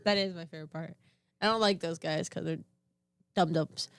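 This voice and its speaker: A young woman co-hosting a casual podcast, teasing her partner and chiming in with quick remarks. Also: lowish voice, fairly even intonation, clear, resonant tone. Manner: teasing, chiming in and laughing along. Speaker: podcast co-host. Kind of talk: casual chat.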